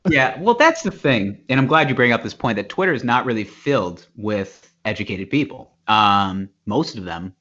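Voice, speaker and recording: A man talking casually with his co-hosts, his pitch swinging widely as he rambles through stories. The recording is dull and lo-fi. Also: normal speed, few pauses. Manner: rambling, animated, puts on voices when retelling stories. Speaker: podcast co-host. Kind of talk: casual chat. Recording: dull lo-fi podcast audio.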